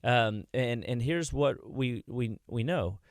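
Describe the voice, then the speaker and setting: This health clinic worker speaks slowly at a medium pitch while guesting on a radio show in a studio. He rambles through casual anecdotes with many restarts, and the studio-quality audio has no echo.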